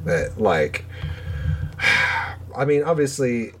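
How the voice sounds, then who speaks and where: A man in casual podcast chat, slangy and animated, who jumps into high squeaky voices when quoting film scenes. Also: very slow, slight background noise. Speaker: podcast guest.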